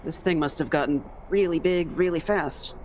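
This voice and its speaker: A woman plays a tabletop role-playing game. She chats casually and works through the rules out loud. A light background noise runs under her. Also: sits low, normal speed. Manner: casual, unsure about rules. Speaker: player.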